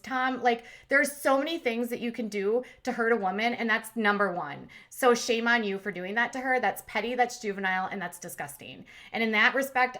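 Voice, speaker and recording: A woman's voice: mid-range voice, a bit bright. A woman hosting a commentary channel, recapping reality TV in a chatty, opinionated way and acting out quotes in voices.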